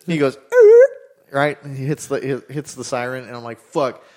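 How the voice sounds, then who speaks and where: A man's voice: medium pitch, fairly even intonation, fast. A young man casually telling a story, rambling, swearing freely and acting out the dialogue.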